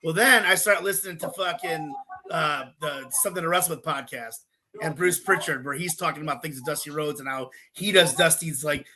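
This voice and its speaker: A man's voice: a little high, a little fast, pushed and bright, rough recording. A middle-aged man, a guest on a podcast, chatting casually and telling profane stories while acting out the voices of the people he quotes. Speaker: podcast guest, pro wrestler and former wrestling coach.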